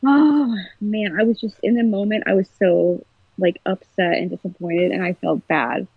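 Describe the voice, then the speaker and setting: A husky woman's voice, mid-range and at normal speed, reaches us through a tinny phone-like line with no echo. In a casual podcast chat, she tells a story animatedly and with emotion.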